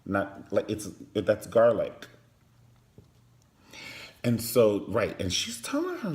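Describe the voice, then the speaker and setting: A man giving a flamboyant, sassy comedic recap of a TV drama, often jumping into high voices for the characters. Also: huge pitch swings, slow pace, pauses often, darkish tone. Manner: flamboyant, sassy, campy asides; slips into falsetto impressions of characters. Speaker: TV show reviewer.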